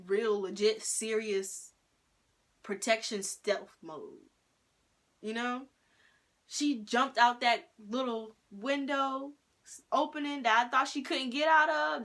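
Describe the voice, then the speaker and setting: A woman casually telling a personal story at home, animated and slangy, with plenty of swearing. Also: a little high. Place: at home indoors.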